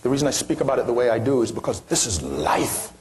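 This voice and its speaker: A man's voice: medium pitch, very animated, fast. A man giving an impassioned motivational speech to an audience, pressing his points with rhetorical questions and sweeping rises and falls in his voice. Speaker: motivational speaker.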